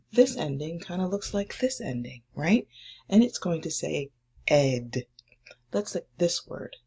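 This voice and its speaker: A woman teacher giving a slow, patient, encouraging phonics lesson and read-aloud to first graders. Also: low voice, warm tone, slightly rough.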